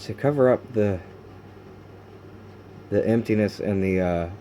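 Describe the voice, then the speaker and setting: A man recording a confessional video diary at home, talking in halting, raw bursts with many restarts and fillers, frustrated and sometimes cursing. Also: on the low side, mellow, a little hiss or hum. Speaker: video diarist.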